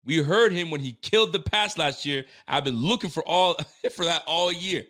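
A young man hosting a sports fan livestream, ranting with animated energy, swearing freely and repeating catchphrases. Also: a little high, normal speed. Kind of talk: casual fired-up sports commentary.

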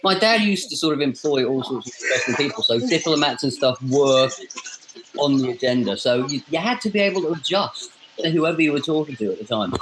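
A man's voice: a little high, animated, fairly quick, noisy background. A man with a trained British received pronunciation accent, chatting casually as a guest about his acting work in a self-deprecating way. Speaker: guest voice actor. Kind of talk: casual chat.

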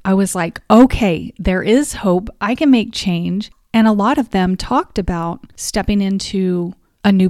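A woman sits close to the mic in a dry, deadened space and tells a deeply personal story. Her pitch sits in an ordinary middle range for a woman, and her manner is heartfelt and confessional. She lets her feelings show openly as she talks. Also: darkish tone, no room sound. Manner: openly emotional at times. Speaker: podcast host.

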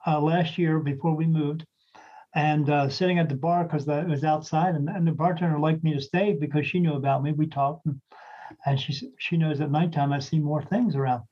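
A man who works as a spirit medium, chatting casually and rambling through a story, often clearing his throat. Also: a little high, steady tone, brisk, muffled recording. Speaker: spirit medium, podcast co-host.

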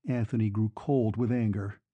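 A man narrating a classic novel in a steady, measured reading. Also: on the low side, dry recording, muffled recording. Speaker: audiobook narrator. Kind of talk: scripted narration.

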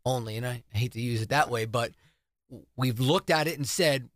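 Bright-voiced middle-aged man from New Jersey. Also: medium pitch, moderate pace, no echo, clean studio sound. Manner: earnest, explains with figures and numbers. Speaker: school superintendent, guest. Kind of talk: radio interview answers. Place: radio studio.

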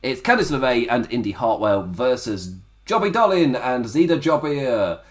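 Laughing, lively-voiced man recapping wrestling. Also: mid-range voice, moderate pace. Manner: chatty, often laughing at his own jokes. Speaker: wrestling show reviewer. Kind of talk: casual recap commentary.

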